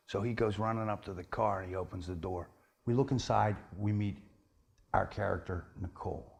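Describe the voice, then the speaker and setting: A man's voice: lowish voice, gravelly, slightly rough. A man retelling a film plot in a casual, plain way, with frequent "he says" and "she says" tags. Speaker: storyteller pitching a film plot. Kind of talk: casual spoken film pitch.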